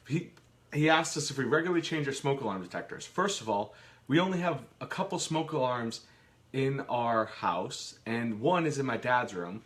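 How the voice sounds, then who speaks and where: This kitchen co-host has a mid-range, fairly bright voice with lively intonation and a moderate pace. During the live home Q and A he chats in a rambling, jokey way, trailing off and restarting.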